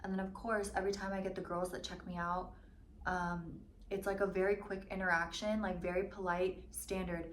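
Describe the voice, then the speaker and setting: A woman in her twenties ranting casually in a storytime vlog, full of "like" and swearing, mimicking other people in quick asides. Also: fairly low pitch, flat delivery, a little hiss or hum. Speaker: vlogger. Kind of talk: mukbang storytime rant. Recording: slightly echoey room with faint ambience.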